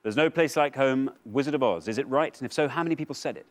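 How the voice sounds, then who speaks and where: A man hosting a television quiz show, upbeat and teasing, with bursts of excitement when answers are revealed. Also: mid-range voice, fast talker. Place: television studio.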